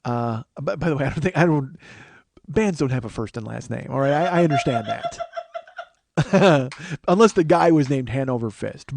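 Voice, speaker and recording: A man's voice: on the high side, a little mellow, dry recording. A man in his forties hosting a comedy podcast, rambling and self-mocking as he chats and swears freely. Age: 40s. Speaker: podcast host. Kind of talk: casual comedic podcast chat.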